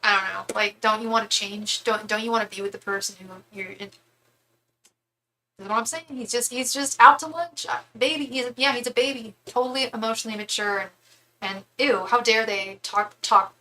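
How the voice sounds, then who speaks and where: Bright-voiced chatty woman tarot reader. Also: mid-range voice, fairly even intonation, moderate pace, low-quality recording. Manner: chatty, candid, thinks aloud with restarts. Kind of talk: casual live-stream reading.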